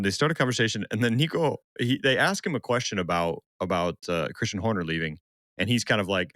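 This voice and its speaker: A man co-hosting a casual sports podcast, telling stories with lively energy and acting out quotes. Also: fairly low pitch, fast, no room sound, clean studio sound. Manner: animated storyteller, acts out quotes. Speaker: podcast co-host. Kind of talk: casual chat.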